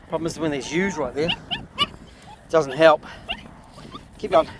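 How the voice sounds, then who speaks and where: A man's voice: a little high, unhurried, pauses often, a little hiss or hum. A New Zealand man who farms sheep, chatting casually outdoors in a paddock, explaining things and talking to his animals. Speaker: sheep farmer and video host. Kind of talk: casual outdoor farm vlog.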